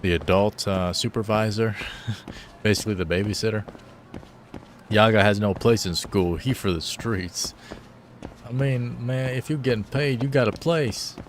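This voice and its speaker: A man's voice: lowish voice, unhurried, a little hiss or hum. Slangy, joking male game streamer. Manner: loose, joking, slangy banter. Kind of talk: casual live-stream commentary.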